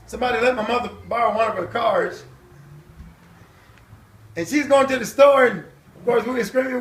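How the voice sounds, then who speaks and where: An older man telling his life story to a church audience, animated and acting out voices and shouts. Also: extremely high pitch, normal speed, pauses often. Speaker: guest speaker. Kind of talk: storytelling testimony at a church event. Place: church hall. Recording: echoey hall from far off.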